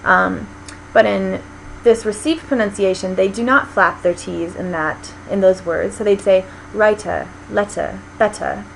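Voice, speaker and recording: Give me an American woman in a mid-range voice, explaining a lesson patiently with frequent pauses and ums, over a faint hiss. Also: medium pitch, steady tone, gravelly, low-quality recording. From United States. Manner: explanatory, many ums and restarts. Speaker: linguistics lecturer. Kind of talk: lecture.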